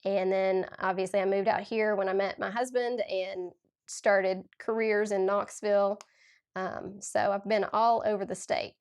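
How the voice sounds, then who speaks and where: A woman's voice: medium pitch, steady tone, a little slow, darkish tone, clear, resonant tone. A woman in her forties with a Southern Tennessee accent and a cold, chatting gushingly as a crafting livestream host and reading out viewer comments. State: has a cold. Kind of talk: casual livestream chat while demonstrating card making.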